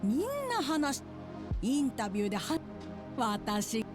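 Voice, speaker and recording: An actress voicing a bitter woman in a game scene, speaking in halting, broken-off accusations. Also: fairly high pitch, lively intonation, lightly acted. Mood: accusing. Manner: halting, cut-off accusatory lines. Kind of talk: Japanese game voice acting. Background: game music.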